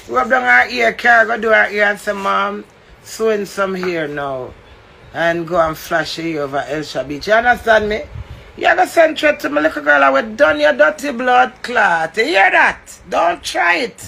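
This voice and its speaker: A man's voice: high voice, creaky, sharp tone, slight background noise. A man with a Jamaican accent delivering a heated, confrontational rant, swearing and lecturing.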